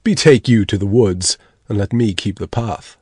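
A man voicing a calm, mocking old devil disguised as a traveller, speaking in a measured way. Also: lowish voice, husky, dry recording, studio quality. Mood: amused.

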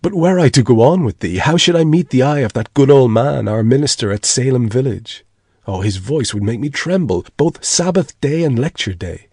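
A man's voice: medium pitch, expressive, moderate pace, a little mellow, husky, dry recording, clean studio sound. A man voicing an anxious, stubborn young Puritan husband, speaking in an earnest, uneasy way.

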